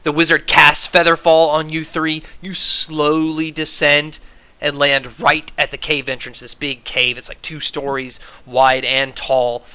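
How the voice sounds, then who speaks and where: Male GM, sharp bright voice, casual rambling narration. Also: fairly high pitch, level tone, a little slow, smooth. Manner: loose, filler-heavy scene description. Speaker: game master. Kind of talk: narrating a tabletop game.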